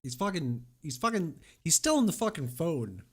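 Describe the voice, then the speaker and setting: A man with a somewhat high voice whose pitch swings widely as he rambles. He swears at nearly every turn in crude comedic podcast banter. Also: very animated, moderate pace, husky. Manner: sweary, rambling, mock-disgusted. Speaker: podcast co-host.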